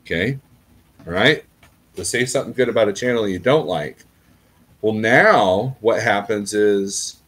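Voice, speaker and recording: This middle-aged man is a trucker who makes YouTube videos, rambling casually and repeatedly checking in with "okay?". His voice is lowish and a bit bright.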